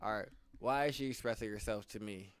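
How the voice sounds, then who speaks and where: A man's voice: on the low side, a little fast, clear, resonant tone, no room sound. A man hosting a podcast, talking bluntly and laid-back, getting emphatic when he pushes a point. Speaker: podcast host. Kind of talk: casual chat.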